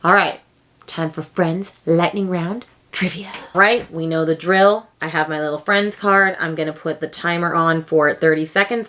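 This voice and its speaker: Young woman book vlogger, casual and excitable, quick high reactions. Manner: chatty and excitable, with sudden high exclamations. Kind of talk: casual chat.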